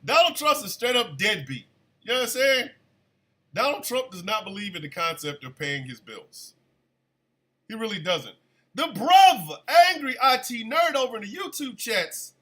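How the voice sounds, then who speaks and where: A man hosting a casual live radio show, chatty and animated, still congested from an illness. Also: high-pitched, normal speed. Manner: chatty, animated, shouts at his dogs. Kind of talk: casual livestream talk radio.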